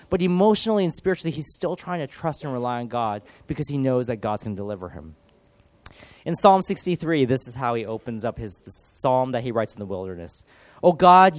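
Male pastor, 30s, earnest and animated, slightly high voice, dry close recording. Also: dry recording. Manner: earnest, animated, with dramatic shifts in loudness. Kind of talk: sermon.

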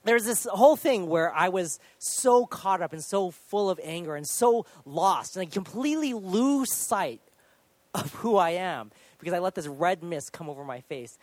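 Animated, higher-voiced man preaching. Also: normal speed, no echo. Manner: animated, self-deprecating storytelling with sudden loud acted outbursts. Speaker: pastor. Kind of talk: sermon with personal story.

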